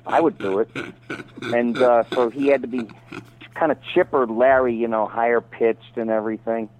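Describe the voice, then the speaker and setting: A middle-aged man, a voice actor guest, telling rambling showbiz stories over the phone and slipping into quick impressions. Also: medium pitch, steady tone, a little mellow, a little hiss or hum. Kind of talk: casual phone interview. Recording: tinny phone line.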